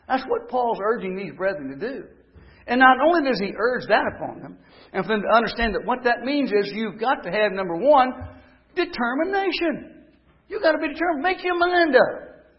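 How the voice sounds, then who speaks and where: A man's voice: very high-pitched, big pitch swings, fairly quick. A man preaching a sermon, telling stories and rising to emphatic declarations. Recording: dull lo-fi recording.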